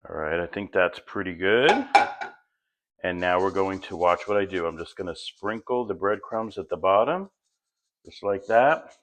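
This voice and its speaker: A middle-aged man hosting a home cooking demonstration, walking through each step in a relaxed, chatty way. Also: sits low, normal speed, noisy background. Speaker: home cook host.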